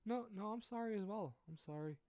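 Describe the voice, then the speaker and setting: Man doing a sweet teenage girl, timid, apologetic, raised pitch, dry sound. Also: brisk, darkish tone, no room sound, natural voice.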